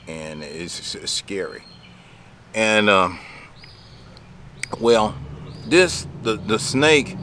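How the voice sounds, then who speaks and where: A lower-pitched man with a drawl tells a story in a loose, rambling way, full of fillers and easy laughter. Faint outdoor noise sits behind him. He sounds like a small business owner chatting straight to his viewers. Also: fairly bright tone. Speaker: lawn care business owner. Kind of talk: casual storytelling to camera.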